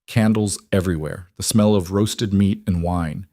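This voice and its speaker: Low-voiced male storybook narrator. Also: steady tone, moderate pace, dark tone, no echo, clean studio sound. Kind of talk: scripted audiobook narration.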